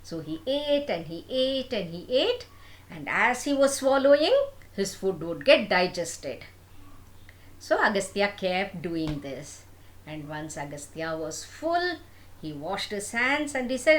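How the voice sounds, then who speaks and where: An older woman telling a myth to her grandchildren, animated and chatty, with asides and questions to her listeners. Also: medium pitch, slow pace. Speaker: storyteller.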